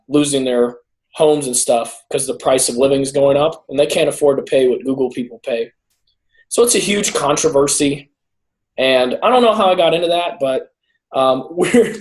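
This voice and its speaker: A man with a medium-pitched, darkish voice co-hosts a podcast, chatting casually, rambling through stories and laughing often. He is a teacher who lives in San Jose.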